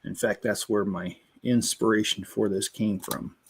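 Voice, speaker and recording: A man's voice: on the low side, steady tone, unhurried, slight background noise. A man hosting his own channel, chatting casually and telling rambling jokes full of fillers while he builds a toy set and greets viewers by name. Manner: rambling, joking storyteller with many fillers.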